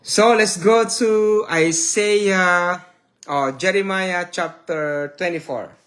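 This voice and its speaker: A male preacher delivers a sermon slowly, with a fairly high voice. He reads scripture in loud swells and then drops into near-murmured asides to his listeners, sounding tearful at times. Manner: slow, emotional preaching with swells and drops in loudness.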